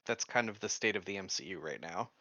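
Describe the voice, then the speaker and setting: Low, matter-of-fact player, dull mic. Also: male voice, expressive, fast, pushed and bright, dry recording. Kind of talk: casual chat.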